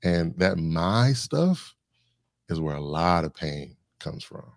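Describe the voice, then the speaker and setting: Low, creaky, and sing-song, this man's voice moves at a slow pace, recorded in studio quality without echo. He's a communication specialist guesting on a podcast, thoughtfully reasoning through ideas with lists and examples.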